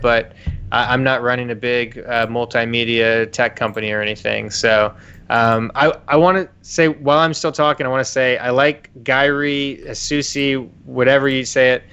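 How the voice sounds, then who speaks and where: A man's voice: medium pitch, a bit bright, smooth, muffled recording. A man chatting casually as a podcast guest, laughing now and then as he talks. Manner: chatty, laughs while talking. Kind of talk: casual chat.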